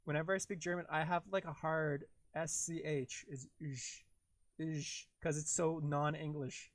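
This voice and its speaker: A man's voice: fairly high pitch, steady tone, a little slow, no echo. A young man hosting a live stream, chatting casually and rambling in a giggly, self-deprecating way while he works.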